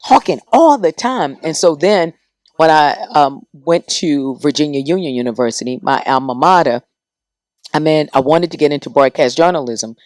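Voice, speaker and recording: Lively middle-aged woman radio personality. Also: low voice, normal speed, dry recording, studio quality. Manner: lively, animated storyteller acting out quotes. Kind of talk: casual podcast storytelling.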